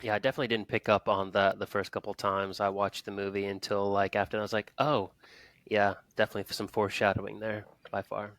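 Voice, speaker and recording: A man's voice: lowish voice, completely flat delivery, quick pace, few pauses, fairly bright tone, dry recording. A man appearing as a guest on a casual film podcast, giving short agreeing replies and laughing along. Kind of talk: casual chat.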